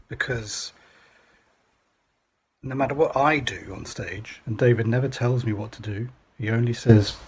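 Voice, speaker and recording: A man, a musician, reflecting in a thoughtful, hesitant way with frequent pauses. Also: mid-range voice, warm tone, slight background noise, poor audio. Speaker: musician guest.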